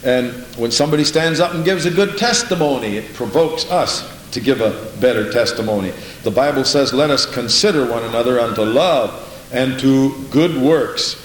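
A man's voice: medium pitch, lively intonation, moderate pace, reverberant, slight background noise, rough recording. A man teaching a Sunday school lesson in church, exhorting and repeating his phrases in a sermon style. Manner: exhorting, repeats phrases, says "Praise the Lord".

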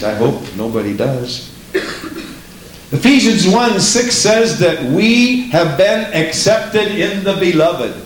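High voiced preacher guy, punchy repeated lines, echoey church room. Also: a little hiss or hum. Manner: emphatic, repeats lines, asks the congregation questions. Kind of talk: sermon.

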